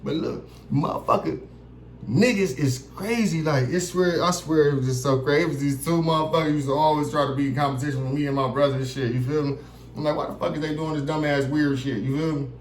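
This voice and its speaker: A young man rambles through a crude, animated story for his channel, forever asking if you feel him. His voice sits a touch high, and the room around him rings with echo. A faint hiss runs underneath. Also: fast talker. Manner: acts out other people's lines. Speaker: vlogger. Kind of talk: casual storytelling to camera. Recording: roomy echo with faint background noise.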